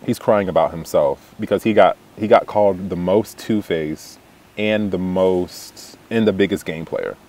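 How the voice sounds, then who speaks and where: A man's voice: sits low, measured pace, darkish tone. A young man recapping a reality show in a chatty, catty way, full of "like" fillers and laughter. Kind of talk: casual gossipy recap.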